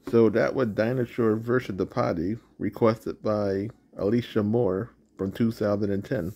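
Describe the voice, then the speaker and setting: A man's voice: lowish voice, fairly even intonation, a little slow, vocal fry, dark tone. A man hosting his channel, reading a picture book aloud with roaring sound effects. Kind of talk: storybook read-aloud.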